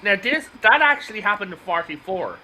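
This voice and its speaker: Podcast host, male, high and piercingly bright, rambling storyteller. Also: very animated, a little fast, a little hiss or hum, poor audio. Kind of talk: casual movie discussion.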